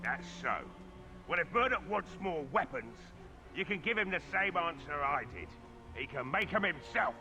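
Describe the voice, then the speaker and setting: An actor playing a middle-aged blacksmith in a video game, drunk, bitter and grieving, with a gruff, curt, weary way of talking. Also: male voice, fairly high pitch, expressive, normal speed, music in the background, natural voice. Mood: irritable.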